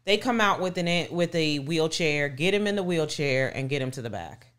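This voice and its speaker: Middle-aged woman podcast cohost, kinda low voice, acts out everybody in the story. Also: normal speed. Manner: animated retelling, acts out quoted voices. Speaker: podcast co-host. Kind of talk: casual storytelling chat.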